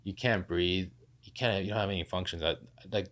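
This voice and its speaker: Low-voiced man telling his story. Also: brisk. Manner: animated, acts out quoted voices, many fillers like "like". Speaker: podcast guest. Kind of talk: casual storytelling in conversation.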